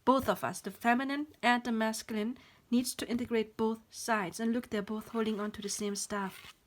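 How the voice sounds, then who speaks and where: A woman's voice: fairly high pitch, fairly even intonation, normal speed. A woman giving a pick-a-card tarot reading on her channel. She rambles, apologizes often, talks about spiritual ideas and drops to a whisper now and then.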